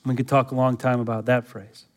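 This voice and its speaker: A male pastor's sermon moves fairly quickly, delivered flatly at a medium pitch. Addressing the church congregation with rhetorical questions, he climbs into loud, urgent exhortation.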